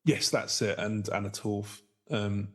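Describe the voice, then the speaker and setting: A man's voice: on the low side, steady tone, slow, a bit bright, slightly rough. A man co-hosting a podcast in casual chat, rambling loosely and correcting himself as he goes. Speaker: podcast co-host.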